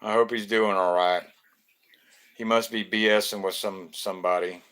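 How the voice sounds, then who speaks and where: A man's voice: fairly low pitch, fairly even intonation, normal speed, fairly bright tone, smooth. A man, from Florida, hosting a casual live stream, greeting viewers by name in a loose, joking way.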